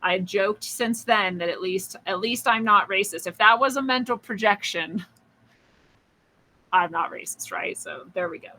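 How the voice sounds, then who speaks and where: This female podcast host speaks unhurriedly in a mid-range voice that is pushed and bright, though the recording quality is low. She chats her way through a spiritual story, often laughing and starting over, and performs the voices she quotes.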